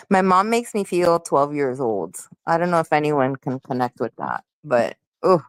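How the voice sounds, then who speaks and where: Woman, 40s, from Miami, lowish voice, dry sound, chatty group talk. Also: moderate pace, clear, resonant tone, no echo. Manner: chatty, animated storytelling with laughs. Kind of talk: casual group chat.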